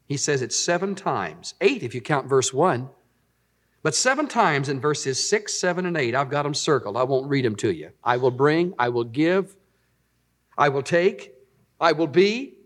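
A middle-aged man preaching a sermon as pastor, rising loud on points of emphasis. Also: on the high side, animated, unhurried.

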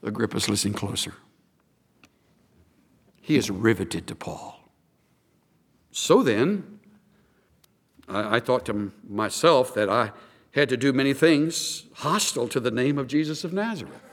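Male preacher, dramatic first-person storyteller, lively pitch, long hall reverb. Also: measured pace, long pauses, slightly rough. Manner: dramatic retelling in first person, repeating words. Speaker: pastor. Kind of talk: sermon.

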